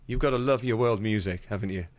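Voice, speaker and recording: Fast-talking jokey radio host. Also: male voice, on the low side. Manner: jokey, teasing. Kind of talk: radio interview chat. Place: radio studio.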